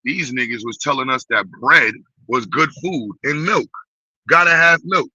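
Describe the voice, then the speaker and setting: A man with a New York accent hosting a blunt, profane, animated rant in quick bursts. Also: mid-range voice, slightly rough, no echo. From Brooklyn, New York. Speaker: host. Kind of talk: casual ranting commentary. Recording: dull, muffled dry sound.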